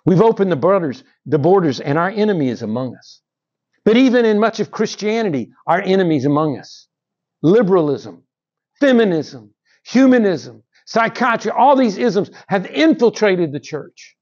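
Animated male preacher, lo-fi church sound. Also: normal speed. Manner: animated preaching, rises and drops in pitch, asks the congregation "Amen?". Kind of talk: sermon. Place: church sanctuary. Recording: dull lo-fi sound.

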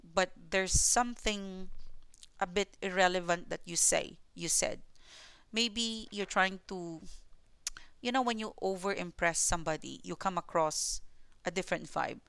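A woman's voice: on the low side, a little slow, fairly bright tone, smooth, no room sound. A woman with a mixed Filipino and New Zealand accent, giving a tarot reading to viewers in a repetitive, reassuring way. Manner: repetitive and reassuring, often adding "okay?". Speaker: tarot reader.

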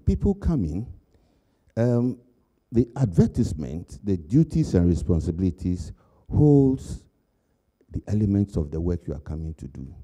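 A man's voice: sits low, mellow, slightly rough. An older man giving a conversational keynote speech, telling anecdotes and laughing at his own jokes. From Ghana. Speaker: keynote speaker.

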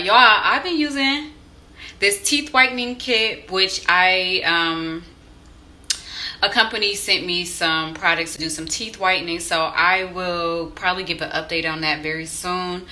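Bright-voiced chatty woman vlogger. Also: lowish voice. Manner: chatty, storytelling, addresses viewers as y'all. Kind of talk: casual vlog chat. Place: outdoors by a lake, then at home.

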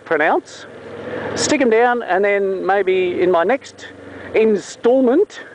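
High-voiced Australian man in a noisy car. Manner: chatty, self-mocking, drawn-out demonstration words. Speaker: vlogger teaching Australian pronunciation. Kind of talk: casual jokey tutorial. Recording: muffled with loud traffic noise.

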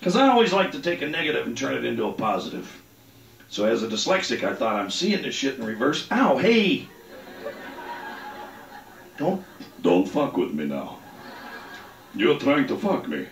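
A man's voice: mid-range voice, big pitch swings, moderate pace, vocal fry, pauses often. A man doing a rambling, crude stand-up set on a comedy club stage. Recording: roomy club sound, mic at a distance.

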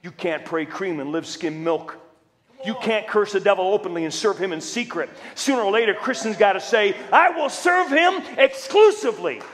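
Middle-aged male preacher, lively high voice, acts out his stories with humor, long hall echo. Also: moderate pace. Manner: animated, acts out quotes with humor. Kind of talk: storytelling sermon. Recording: reverberant church hall.

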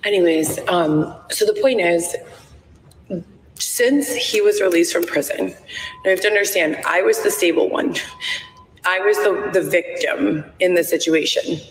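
A woman's voice: fairly low pitch, unhurried, a little hiss or hum. A woman in her thirties talking on a live stream from her phone, rambling with lots of "like" and "um". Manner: rambling, frequent "like" and "um". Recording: echoey, roomy playback of a live stream.

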